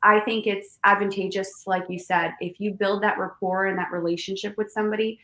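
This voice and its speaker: A woman's voice: medium pitch, flat delivery, fairly quick, bright, forceful tone. A woman real estate agent talking casually, explaining things and asking rhetorical questions. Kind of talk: casual conversation on a show. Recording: echoey room.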